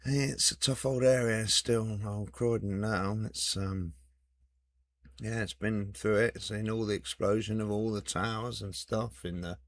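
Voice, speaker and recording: A man's voice: lowish voice, fairly even intonation, measured pace. A man chatting casually and teasing while playing a video game, with mild swearing. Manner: joking banter with mild swearing. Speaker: gamer.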